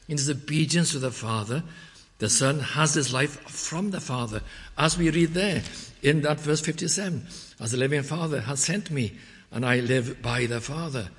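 A man preaching a measured expository sermon, quoting scripture in old English wording. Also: mid-range voice. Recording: long reverb of a church hall.

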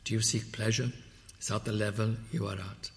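A man preaching a sermon, quoting scripture solemnly and swinging from loud, emphatic exhortation to low, hushed phrases. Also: little pitch movement, a little fast, gravelly. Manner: quotes old scripture language solemnly. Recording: long hall reverb.

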